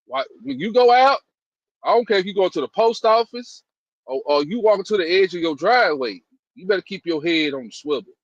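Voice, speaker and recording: A man's voice: high-pitched, animated, fairly quick, no echo, lo-fi sound. Folksy male livestream host. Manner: loose, folksy, drawls "y'all". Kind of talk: casual preaching commentary.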